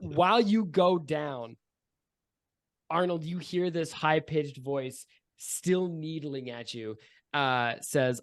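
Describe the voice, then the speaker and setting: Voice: mid-range voice, slow. A game master narrating a tabletop game in a loose, chatty way.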